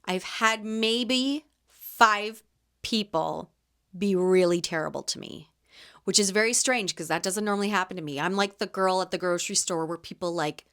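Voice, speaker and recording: A woman in her thirties from Canada, hosting a casual solo podcast and telling lively stories about her market stall. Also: medium pitch, normal speed, clean tone. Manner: chatty, animated storyteller acting out quotes. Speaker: podcast host and market vendor.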